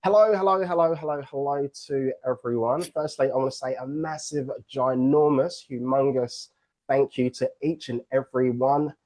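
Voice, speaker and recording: A man's voice: mid-range voice, moderate pace, a little mellow. A man from England with an English accent, hosting an online book launch on a video call in an upbeat, joking, playful way.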